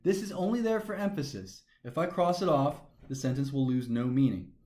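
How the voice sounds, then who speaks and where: A man's voice: medium pitch, fairly quick, a little mellow. A man teaching a grammar lesson, methodically talking through each step aloud. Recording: echoey room.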